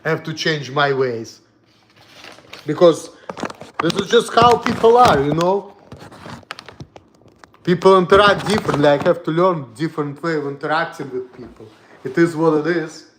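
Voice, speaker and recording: A young man from Russia with a Russian accent, ranting bluntly and profanely on a livestream, repeating himself and swinging between loud and soft. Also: a little high, moderate pace, long pauses, noisy background. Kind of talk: casual rant to stream.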